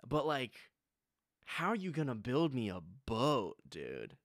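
A young man from the United States with a Southern accent streams a laid-back music reaction, full of jokes and rambling asides. His mid-range voice swoops wildly in pitch and he takes things slowly, recorded in clean studio sound with no room echo.

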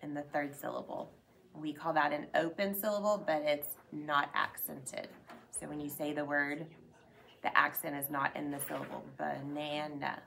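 A woman's voice: low-pitched, fairly even intonation, normal speed, gravelly, a bit bright, a little hiss or hum. A woman reading teacher giving an upbeat school announcement segment, drawing out letter sounds to demonstrate them.

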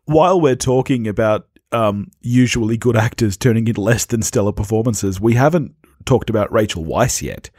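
A man co-hosting a podcast, giving blunt, animated opinions on a film and laughing easily. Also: lowish voice, moderate pace, hardly any pauses, breathy edge, no room sound, clean studio sound. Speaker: podcast co-host. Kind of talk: casual film review chat.

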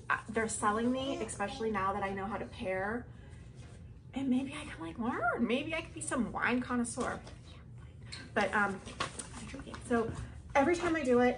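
A woman vlogging a casual product review at home, chatty and excitable as she gushes over each item. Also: medium pitch, background noise.

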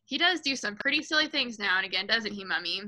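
Woman narrator as a calm, quietly cheeky little girl, low-key. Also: fast. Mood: sly. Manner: quiet, innocent-sounding.

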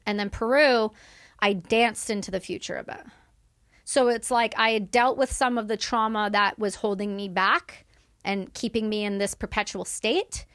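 Candid Canadian woman, bright close-miked voice. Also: on the high side, no echo. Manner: candid, emphatic storytelling. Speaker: podcast guest. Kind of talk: casual conversation.

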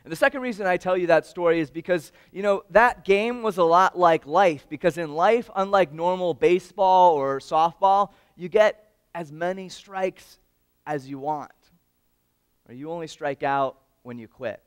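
Man telling a personal story at an awards podium, animated and dynamic, smooth and clear voice, fairly high for a man. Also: moderate pace, no room sound, studio quality. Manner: animated, swings from loud to hushed; addresses the audience directly. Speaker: former patient giving an awards speech. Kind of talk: storytelling speech.

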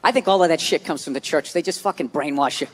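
Loud crowd noise and laughter fill this live club recording, where a man with a slightly high voice rants quickly through a stand-up set, profane and exasperated, tossing in mocking asides.

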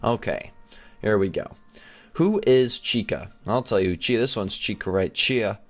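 A young man hosting a gaming video, chatting excitedly to his viewers as he plays. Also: lowish voice, normal speed, faint music behind. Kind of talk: game commentary.

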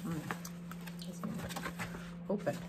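A woman, a teacher reading a picture book aloud to her class, expressive, with chatty asides between the verses. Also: very slow, heavy background noise.

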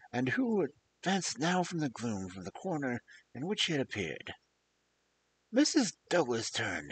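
A man reading a classic detective story aloud in an expressive narrating voice. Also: fairly high pitch, slight background noise. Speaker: audiobook reader.

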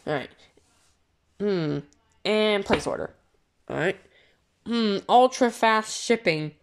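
A woman voicing a pushy, excitable male plush rabbit who whines and schemes through a plush toy video, full of fillers. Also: medium pitch. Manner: whiny and scheming, rambles with fillers.

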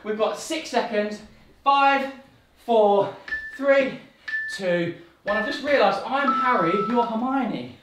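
A woman's voice: a little high, noisy background. Woman running a home pe class, bouncy cues, kinda far from the mic in a super echoey room. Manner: upbeat, playful, gives quick cues. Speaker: fitness instructor. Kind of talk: home workout coaching.

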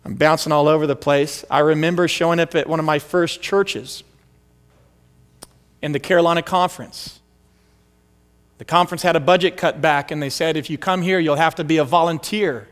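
A man's voice: fairly high pitch, moderate pace. A man preaching a storytelling sermon as pastor, acting out the voices of the people in his stories. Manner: animated, acts out quoted voices. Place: church sanctuary. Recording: long hall reverb.

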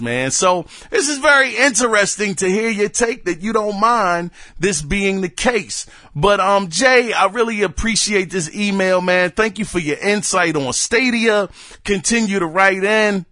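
A man's voice: sits high, pushed and bright, no room sound, studio quality. A man in his thirties hosting a solo gaming podcast, talking casually and animatedly in slang, straight to his listeners. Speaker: podcast host.

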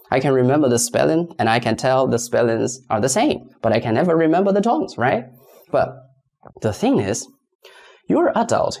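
Gravelly, lively male teacher. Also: mid-range voice. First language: Mandarin Chinese. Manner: asks rhetorical questions and gives examples. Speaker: language teacher. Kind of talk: explanatory online lesson.

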